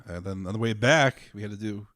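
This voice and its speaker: A man's voice: lowish voice, fairly quick, fairly bright tone, no room sound, studio quality. A man co-hosting a podcast in an easygoing, chatty way, often repeating himself as he tells a story. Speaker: podcast co-host. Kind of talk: casual chat.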